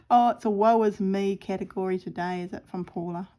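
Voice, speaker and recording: Here the sewing vlogger, a middle-aged New Zealand woman, talks briskly in a mellow, mid-range voice with fairly even intonation. She sews outdoors at home, chatting about crafting in a rambling, self-deprecating manner that sometimes drops to a murmur.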